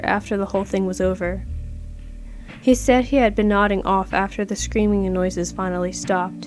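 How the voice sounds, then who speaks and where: A woman's voice: mid-range voice, a little mellow. A woman narrating a first-person horror story aloud in a casual, conversational way, with plenty of swearing. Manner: casual, profane, conversational reading. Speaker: creepypasta narrator.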